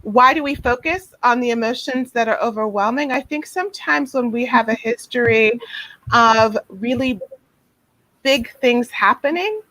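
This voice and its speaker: A woman appears as a guest therapist in a casual video-call interview, speaking gently and reflectively with many fillers and restarts. Her voice is on the high side at a normal pace, and the audio is poor though free of echo.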